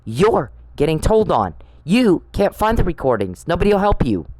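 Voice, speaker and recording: A woman's voice: on the low side, very animated, moderate pace, darkish tone, dry recording, low-quality recording. A woman hosting her own podcast, telling a story bluntly and with swearing, accusing someone she addresses directly. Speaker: podcast host. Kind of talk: angry personal podcast monologue.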